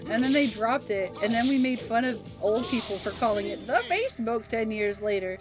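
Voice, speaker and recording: A woman's voice: fairly high pitch, animated, brisk. Chatty woman streamer over game music. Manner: chatty and reminiscing, laughs easily. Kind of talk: casual gaming stream chat.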